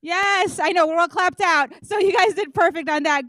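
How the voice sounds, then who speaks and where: A woman warming up an auditorium audience, joking and leading rounds of applause with loud, energetic calls. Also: extremely high pitch, normal speed, no room sound. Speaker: audience warm-up comedian. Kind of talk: stand-up warm-up, leading applause.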